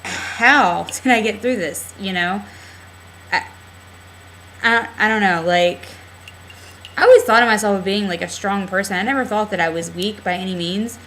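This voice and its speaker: A woman's voice: mid-range voice, normal speed, long pauses, fairly bright tone, slight background noise, rough recording. A young adult woman talking candidly in a casual video diary on a webcam, rambling with lots of fillers. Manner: rambling, candid, heavy use of "like" and "um". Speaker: vlogger.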